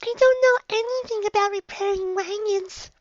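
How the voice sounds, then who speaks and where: A shy young filly speaks hesitantly in a high, soft voice. The lines come out careful and nervous. The sound is dry and slightly muffled. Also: female voice, moderate pace, dry recording. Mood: worried. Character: young girl pony, timid and hesitant.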